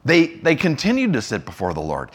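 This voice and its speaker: Lively male preacher telling a story. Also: medium pitch. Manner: lively storytelling, acting out both sides of a remembered dialogue; slows and softens for emphasis. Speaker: pastor. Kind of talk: sermon.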